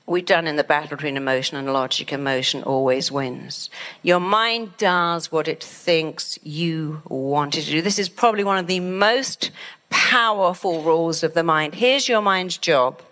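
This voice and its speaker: A middle-aged woman, a therapist, speaking to an audience in a lively way and acting out the dialogue in her stories. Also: lowish voice, normal speed. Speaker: therapist and author. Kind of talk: talk to an audience.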